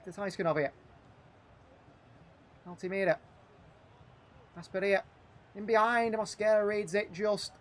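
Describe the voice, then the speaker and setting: Male stream host, high-pitched, running live play-by-play with animated, frustrated asides. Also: measured pace, long pauses. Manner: animated, frustrated, thinking aloud between match calls. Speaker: gaming livestream host. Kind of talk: live play-by-play commentary on a football management game.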